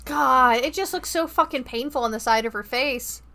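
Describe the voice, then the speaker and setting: A woman's voice: sits high, moderate pace, bright, forceful tone, a little hiss or hum. A young woman streaming a horror game, chatting casually with viewers in a rambling, profane way. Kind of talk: casual gaming-stream chat.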